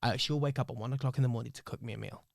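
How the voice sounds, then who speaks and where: A man, speaking on a podcast in an emotional, reflective way. His voice sits at an ordinary middle pitch. It is recorded close and dry, with no room sound at all. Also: fairly even intonation, racing, vocal fry, no echo. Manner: emotional, reflective, swears freely. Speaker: podcast host. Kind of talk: candid podcast storytelling.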